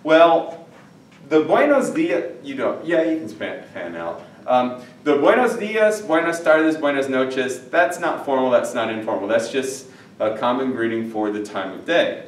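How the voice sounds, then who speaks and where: A man's voice: medium pitch, expressive, measured pace. A male Spanish teacher giving a recorded lesson in a chatty way, repeating phrases and checking in with his listeners. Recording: echoey room, mic at a distance.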